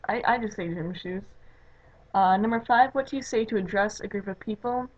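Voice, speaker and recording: A woman's voice: mid-range voice, fairly quick. A young woman from the Chicago area with a Chicago accent, chatting casually in a home video, rambling with lots of "like" and "you know". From Chicago area, USA. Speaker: vlogger. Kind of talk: casual chat. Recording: dull lo-fi webcam audio.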